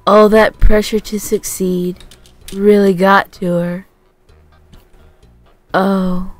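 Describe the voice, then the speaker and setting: A woman's voice: medium pitch, little pitch movement, takes it slowly, no room sound, soft background music. A woman co-hosting a let's play who laughs a lot, teases and swears. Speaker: co-host. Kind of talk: casual gameplay chat.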